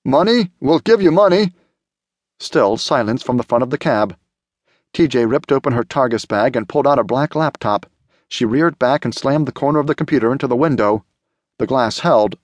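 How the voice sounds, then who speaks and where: A man narrating a thriller audiobook in a steady, measured way. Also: mid-range voice, dry recording. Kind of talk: scripted narration.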